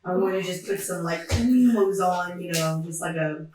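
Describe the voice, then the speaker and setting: A woman player talks through her character's actions, relaxed and thinking aloud. Her voice sits somewhat low for a woman. A strong echo fills the room. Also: moderate pace. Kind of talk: casual tabletop play.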